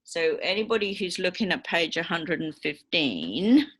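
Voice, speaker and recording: A woman's voice: lowish voice, sing-song, moderate pace, a bit bright, slightly rough. A woman with a British accent giving a university lecture, patiently explaining with frequent ums and okays. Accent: British English.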